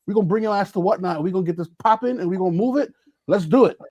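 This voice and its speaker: A man with a high voice rants with passion on a comics podcast. His delivery is emphatic and driven. The sound is dry and close. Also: racing, a little mellow, dry recording, dull audio. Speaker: podcast co-host. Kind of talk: casual chat.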